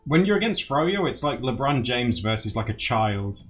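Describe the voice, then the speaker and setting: A man's voice: medium pitch, very animated, moderate pace, faint music behind. A man chatting casually on a live stream, giggly and playful. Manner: giggly, playful, bouncing between voices.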